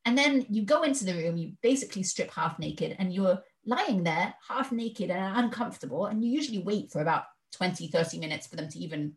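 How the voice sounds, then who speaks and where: Woman guest, mid-pitched, chatty and animated as she tells a personal story. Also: a little fast, few pauses. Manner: animated, acts out the people she quotes. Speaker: podcast guest. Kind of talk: casual conversational storytelling.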